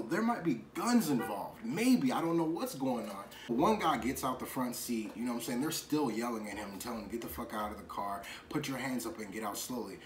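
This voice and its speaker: A man vlogging a story from his day as a delivery driver, in a casual, slangy, animated way full of filler phrases. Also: mid-range voice, echoey room, a little hiss or hum, low-quality recording. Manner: animated, slangy retelling with lots of "you know what I'm saying".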